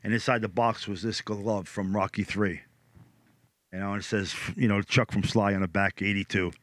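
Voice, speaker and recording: A man's voice: fairly low pitch, steady tone, moderate pace, fairly bright tone, no echo, studio quality. An older man from the United States, a podcast guest telling casual stories in a rambling way, full of repeated words and quoted dialogue. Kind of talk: casual storytelling.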